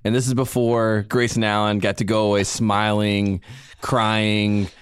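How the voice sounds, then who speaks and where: A man co-hosting a podcast in a casual sports chat, animated and joking with quick asides. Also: fairly low pitch, background noise. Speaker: podcast co-host.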